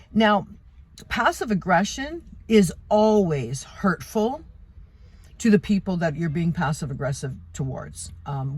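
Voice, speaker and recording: A woman's voice: fairly low pitch, a little mellow. A middle-aged woman giving an unscripted talk on communication, conversational and emphatic, with fillers and restarts. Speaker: self-development speaker.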